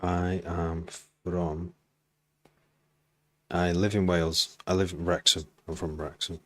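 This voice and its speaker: Man from Cheshire, music producer, casual rambling stream chat, deep voice. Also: level tone, slow. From Cheshire, England. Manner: rambling, chatty, full of asides.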